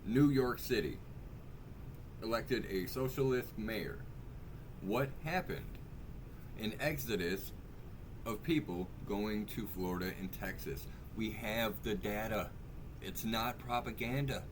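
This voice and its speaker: A man's voice: on the low side, slow, noisy background. An American man hosting a reaction video, talking casually in rambling, profane asides that keep interrupting themselves. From United States.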